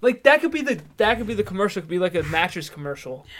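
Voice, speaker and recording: A young man co-hosting a casual podcast, laid-back and quick to laugh. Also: sits high, very animated, a bit bright. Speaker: podcast co-host. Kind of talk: casual chat. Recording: faint background noise.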